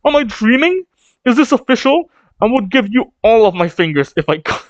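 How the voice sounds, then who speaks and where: A man's voice: very high-pitched, big pitch swings, normal speed, dry recording, highs cut off, pitched above the performer's own voice. A man doing a squealing, gushing creepy admirer.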